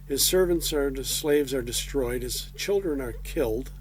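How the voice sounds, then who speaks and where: A man's voice: mid-range voice, measured pace, slight background noise. A man preaching a conversational sermon, folksy with casual asides.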